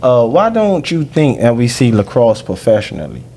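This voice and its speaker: A man's voice: mid-range voice, huge pitch swings, moderate pace, mellow. A man hosting a podcast, chiming in with short agreeing replies and asking questions in a casual interview. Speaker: podcast host.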